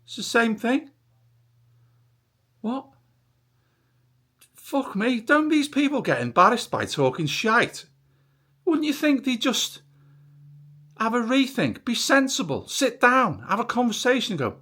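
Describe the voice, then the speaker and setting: A man's voice: extremely high pitch, very animated, measured pace, pauses often, pushed and bright, breathy edge. A middle-aged man ranting sarcastically in a vlog, swearing freely. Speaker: vlogger.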